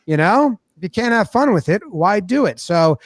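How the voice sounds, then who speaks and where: Animated man recapping a ballgame. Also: sits high, normal speed, no room sound, clean studio sound. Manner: animated storytelling, acts out players' voices. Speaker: sports commentator. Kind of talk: casual game recap.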